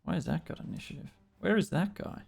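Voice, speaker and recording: An Australian man running a tabletop game as dungeon master, unhurried and fumbling with the software between rulings. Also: fairly high pitch, expressive, creaky.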